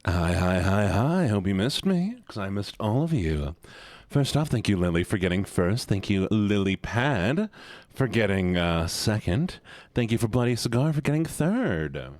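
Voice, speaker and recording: A man's voice: on the low side, very animated, unhurried, darkish tone, no room sound. A male streamer in casual livestream chat, playfully greeting viewers one by one and teasing them.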